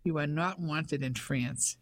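A man reading aloud, voicing a contemptuous, threatening man who speaks slowly and coldly. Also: a little high, a bit bright, no echo. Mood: menacing. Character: menacing lean man, contemptuous and cold.

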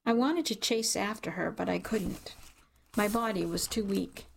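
A woman reading an audiobook in the first person, measured and emotional in her storytelling. Her voice has a gravelly edge at a middling pitch. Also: steady tone, slight background noise. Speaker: audiobook narrator.

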